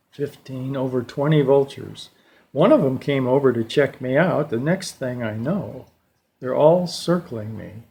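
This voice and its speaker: An older man giving a slow, reflective personal talk at a church service, telling stories with pauses. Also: mid-range voice, warm tone. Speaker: church lay speaker.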